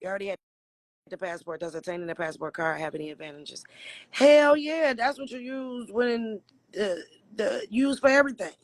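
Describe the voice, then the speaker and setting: A man from Michigan chats on a livestream in a raspy voice that sits high for a man. He answers viewers' questions bluntly, swears freely and laughs often. The sound is dry and close, with no room around it. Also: lively intonation, moderate pace, dry recording. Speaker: livestream host.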